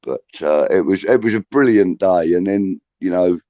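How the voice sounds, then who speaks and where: A man's voice: low-pitched, moderate pace, no room sound. A man near sixty with a Liverpool accent, hosting a casual video-call chat and telling a rambling, sweary story full of restarts. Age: 50s. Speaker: host. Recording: dull lo-fi sound.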